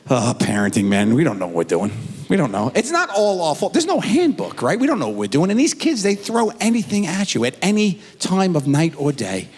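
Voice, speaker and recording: Slightly rough and pitched on the high side, this middle-aged comic talks briskly through his stand-up set. He animates his stories by putting on his kids' voices, all captured in a theater with long hall reverb.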